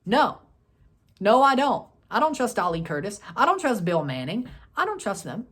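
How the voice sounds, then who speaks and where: A man hosting a soccer review video, ranting and scolding in repeated short bursts, with loud outbursts and low grumbling. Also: very animated, moderate pace. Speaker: soccer fan video host. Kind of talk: post-match review rant.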